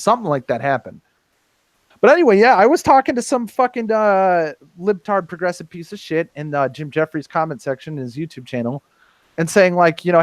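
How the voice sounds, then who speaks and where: A man's voice: sits high, expressive, brisk, no room sound, low-quality recording. A man on a casual roundtable podcast, talking in a heated, profane, rambling way with many restarts. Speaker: podcast host.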